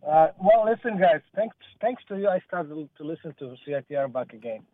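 A man's voice: a little high, animated, a little fast, no echo. A man calling in to a radio show from his car, rambling and repeating himself. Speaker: caller. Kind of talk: casual phone-in chat. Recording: tinny phone line.

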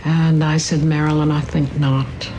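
A woman's voice: deep voice, flat delivery, measured pace, dark tone, slight background noise, low-quality recording. An older woman reminiscing in an interview, reflective and tender as she tells her story.

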